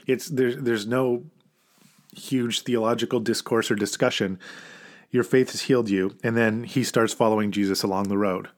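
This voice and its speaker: A male pastor delivers a conversational sermon, talking plainly to his listeners instead of orating. His slightly low voice holds a steady tone at normal speed. He stays earnest and informal throughout, pressing harder whenever he reaches a point he wants to land.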